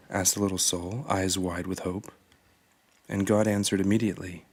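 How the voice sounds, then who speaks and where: A man narrating a children's storybook in a calm, steady storytelling manner. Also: sits low, normal speed. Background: faint guitar music.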